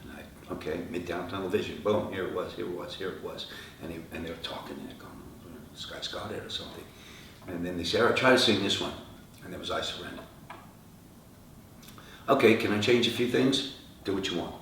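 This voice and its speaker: A middle-aged man, a rock singer, telling lively stories in an interview and acting out the voices of the people in them. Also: sits low, fast. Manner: animated anecdotes, acting out quoted dialogue. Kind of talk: storytelling interview answers. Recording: echoey room, from far off, faint noise.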